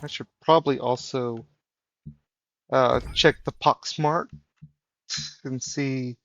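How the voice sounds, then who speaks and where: A man's voice: mid-range voice, fairly even intonation, slow pace, fairly bright tone. A man streaming a game live, chatting casually and teasing his viewers. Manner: joking, teasing chat, mock British phrases. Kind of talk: casual live gameplay commentary.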